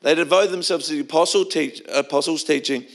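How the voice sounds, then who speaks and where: A man's voice: on the high side, a little fast. A middle-aged man preaching a sermon in a church, telling stories in a conversational way with frequent restarts. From Australia. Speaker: pastor.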